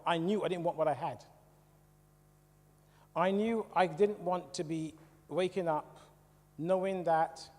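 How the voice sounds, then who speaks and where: A man's voice: a little high, darkish tone. A man from the West Indies giving a conversational testimony to a church congregation, often asking the audience questions. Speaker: church speaker. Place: church hall. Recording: long hall reverb.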